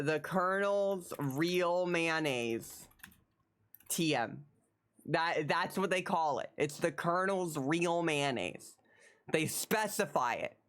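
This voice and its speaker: A mid-range voice belongs to an American streamer chatting with viewers from a home setup. They wander in their talk, stammer and repeat phrases, and grow animated and laugh when teasing chat.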